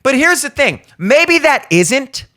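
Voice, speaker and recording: A man's voice: very high-pitched, big pitch swings, slow pace, sharp tone. A man in his thirties hosting a podcast, giving blunt, profane opinion commentary and acting out the people he quotes. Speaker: podcast host. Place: studio.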